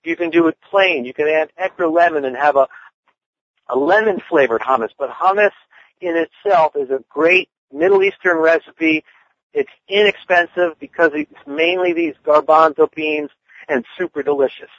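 A man's voice: on the high side, normal speed, fairly bright tone, dry recording. Rambling man with a dull dry sound. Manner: rambling, loose, lots of fillers. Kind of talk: casual cooking talk.

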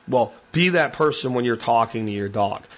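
A man's voice: mid-range voice, animated, normal speed, dull audio. A man hosting a solo podcast, speaking in a blunt, plainspoken way and repeating his key points for emphasis. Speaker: podcast host.

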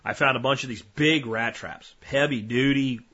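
A man's voice: mid-range voice, moderate pace, sharp tone, highs cut off. A man hosting a podcast, talking casually in a folksy, rambling storytelling way. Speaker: podcast host.

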